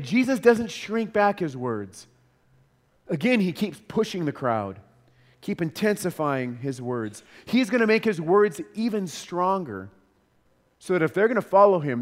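Earnest preacher man in a reverberant hall. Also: on the high side. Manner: earnest, repeats words for emphasis, voices the crowd in asides. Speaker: pastor. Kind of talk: sermon.

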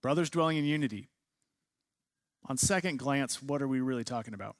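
A man's voice: medium pitch, fairly quick, dry recording, clean studio sound. A man teaching a class, leading a discussion and asking students many questions. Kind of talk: classroom lecture.

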